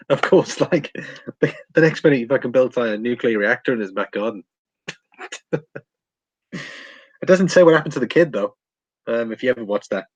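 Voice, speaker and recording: A man's voice: mid-range voice, expressive, moderate pace, pauses often, husky, lo-fi sound. A man from England hosting a precious metals livestream, chatting casually with many ums and reading out viewer comments. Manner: rambling, many ums, chuckles often.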